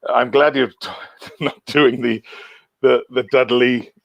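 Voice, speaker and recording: A man's voice: medium pitch, fairly even intonation, slow, gravelly, no room sound, lo-fi sound. A middle-aged man with a Welsh accent, chatting as a guest in a casual talk, hesitant with many restarts. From Wales. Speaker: guest, singer and voice actor. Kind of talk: casual chat.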